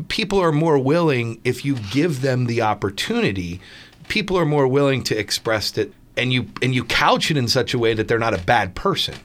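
A man's voice: medium pitch, expressive, normal speed, a bit bright. A man on a podcast panel who argues his points with emphasis and mocks the other side. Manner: emphatic, argumentative, mocking.

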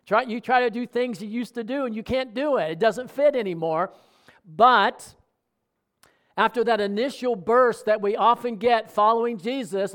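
Middle-aged male pastor, high voice, chatty sermon delivery with questions to the room. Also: a bit bright. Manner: conversational preaching with audience questions.

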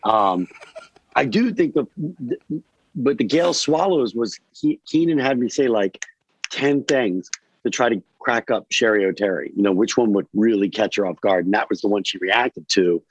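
A man from Delaware talks as a podcast guest, his voice sitting on the low side as he rambles along, stacking one "you know" and "like" on top of the next. The recording is dull and a little muffled, and there is almost no room sound around him. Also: normal speed, husky, no room sound. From Delaware, USA. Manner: rambling and animated, full of fillers. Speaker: guest actor. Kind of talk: casual podcast chat.

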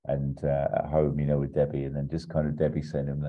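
A man chatting casually as a podcast co-host, rambling through a pitch with lots of fillers and chuckles. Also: completely flat delivery, quick pace, few pauses. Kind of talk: casual chat. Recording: slightly muffled recording.

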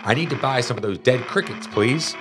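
A man's voice: mid-range voice, expressive, brisk, over music, lightly acted. A man voicing a hesitant, anxious young boy, in an unsure way. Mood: hopeful.

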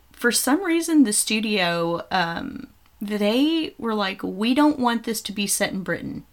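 A woman's voice: medium pitch, a bit bright. A woman co-hosting a podcast, chatting casually about films with frequent ums. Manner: chatty, nitpicking, many ums. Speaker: podcast co-host. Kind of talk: casual film chat.

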